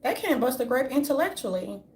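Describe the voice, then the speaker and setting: A woman vlogger with a high, sing-song voice rants briskly about her opinions, casual and blunt, swearing freely and restarting sentences as she rambles. The recording has a roomy echo and faint ambience.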